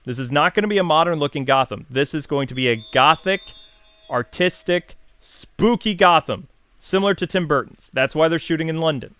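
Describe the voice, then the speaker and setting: A man's voice: on the high side, brisk, a bit bright, clean tone, no room sound. A man hosting a casual video channel, chatting enthusiastically and answering viewer questions with frequent fillers and self-corrections. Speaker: YouTube host.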